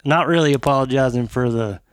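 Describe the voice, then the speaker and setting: A man with an Arkansas twang and a gravelly, congested voice from a cold, chatting as a podcast guest in a makeshift studio. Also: mid-range voice, brisk, no room sound. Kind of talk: casual chat.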